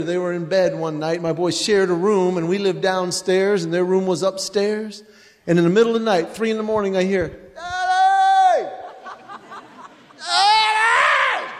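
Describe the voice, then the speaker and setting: A man with a high, light voice tells a faith-based family story, bringing it to life by acting out the dialogue. His words ring with the long reverb of a large hall. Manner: animated, acts out dialogue in voices. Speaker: speaker telling a family story to an audience.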